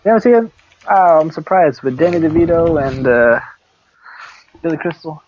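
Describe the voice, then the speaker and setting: A man's voice: fairly high pitch, lively intonation, normal speed, darkish tone, muffled recording, slight background noise. A man co-hosting a casual podcast, joking and teasing his friend, rambling with fillers. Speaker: podcast co-host. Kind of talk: casual chat.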